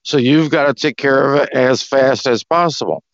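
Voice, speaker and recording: A man on a group call, rambling loosely through an explanation and a story, clearing his throat now and then. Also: medium pitch, normal speed, no room sound. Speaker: discussion group participant. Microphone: call audio. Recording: dry, dull lo-fi call audio.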